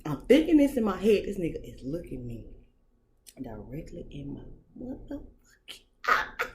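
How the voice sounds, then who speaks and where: A woman vlogger telling a story in casual chat, animated, profane and dramatic as she talks to her viewers. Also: on the low side, normal speed.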